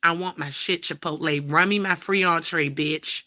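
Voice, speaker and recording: A woman's voice: low-pitched, steady tone, normal speed, pushed and bright, no room sound, clean studio sound. Blunt, profane woman ranting on a livestream. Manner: blunt, profane, talks to her cat and viewers. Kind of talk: casual livestream rant.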